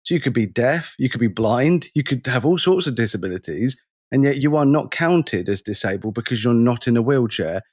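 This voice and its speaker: A man, co-hosting a podcast and telling a lively story in casual conversation, acting out the people in it. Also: mid-range voice, fairly quick, no room sound, clean studio sound. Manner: animated storyteller, acts out the people in his stories. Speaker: podcast co-host.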